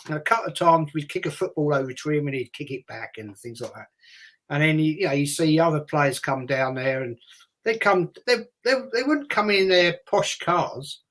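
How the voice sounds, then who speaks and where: With a slightly high, fairly bright voice and expressive delivery at a moderate pace, this older English host with a London accent wanders through stories of his childhood in a casual chat. He performs different voices as he rambles along.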